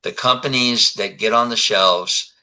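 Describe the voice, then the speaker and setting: Forceful older man telling stories. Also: on the low side, a little slow, rough recording. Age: 70s. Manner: animated storyteller who acts out dialogue. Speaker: guest. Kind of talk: conversational interview.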